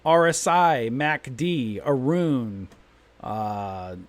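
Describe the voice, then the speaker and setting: A man's voice: mid-range voice, expressive, extremely slow. A man hosting a live trading stream, talking emphatically and repeating his points in a long rant. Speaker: trading room host.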